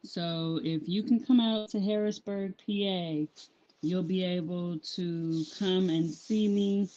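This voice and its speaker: A woman's voice: fairly low pitch, fairly even intonation, slow pace, mellow. A woman chatting casually on a live stream about her handmade apparel business, rambling with lots of ums and restarts. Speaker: small business owner vlogging. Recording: dull lo-fi sound.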